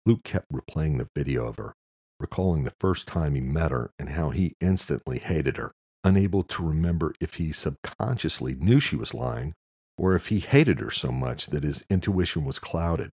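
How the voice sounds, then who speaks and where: A man reading a thriller audiobook in an expressive narration style. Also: extremely low pitch, moderate pace, breathy edge, no echo. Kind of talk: scripted narration.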